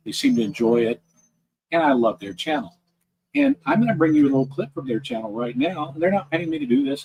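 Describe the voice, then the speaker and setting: A man's voice: medium pitch, darkish tone, breathy edge, poor audio. A man hosting a podcast in a casual, rambling monologue, chatty and often correcting himself. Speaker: podcast host.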